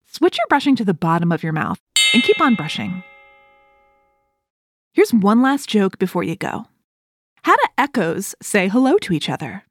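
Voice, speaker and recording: A woman hosts a children's show in a bright, playful voice that swings widely up and down. She reads her script with cheer, counting down and joking for young listeners. Soft music plays underneath. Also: medium pitch, sing-song, moderate pace, pauses often. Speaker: host.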